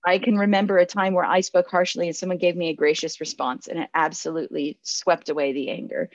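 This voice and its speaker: A woman in her forties, a pastor giving a sermon, earnest and reflective, often restarting her sentences and laughing softly. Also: fairly low pitch, steady tone, brisk, no room sound, lo-fi sound.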